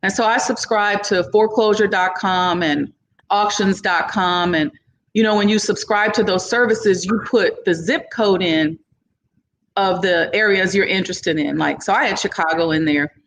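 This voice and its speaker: Woman guest, middle-pitched voice, animated storyteller who plays out each person's lines, loose casual phrasing. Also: normal speed, slight background noise. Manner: animated, acts out other people's lines in the story. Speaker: entrepreneur guest.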